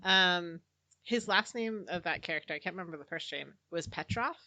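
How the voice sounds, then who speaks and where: A woman's voice: lowish voice, moderate pace, sharp tone, no echo, poor audio. A woman co-hosting a book club, chatting casually with frequent laughs and rambling asides.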